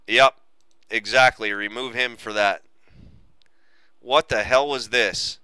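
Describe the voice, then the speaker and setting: A man commentating a sim racing league, excitable with crude asides. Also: medium pitch, slow, clean tone, dry recording, low-quality recording. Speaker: race commentator.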